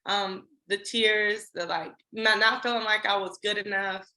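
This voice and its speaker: A bright-voiced woman in her thirties tells her story as a podcast guest, candid and animated, slipping into quick voiced asides. Her voice rings in an echoey room. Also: medium pitch. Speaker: podcast guest, trucking business owner.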